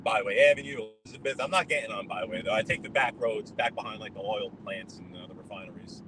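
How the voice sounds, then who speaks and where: Fast and fairly low-pitched, a New York man talks to live-stream viewers as he drives, saying hello to them by name and rambling between subjects. Traffic and road noise fill the background inside the car.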